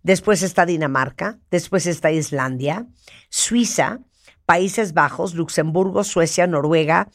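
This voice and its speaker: A Mexican woman hosts a lively talk show, her voice fairly low and her pace moderate. She banters playfully with a guest and keeps bursting into laughter.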